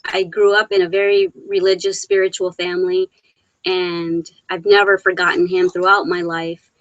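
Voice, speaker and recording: A middle-aged live-stream host reads viewer comments from home through a laptop microphone, giggling between sentences while on the verge of tears. She has a lowish voice with a flat delivery at a moderate pace, recorded with no echo and the highs cut off.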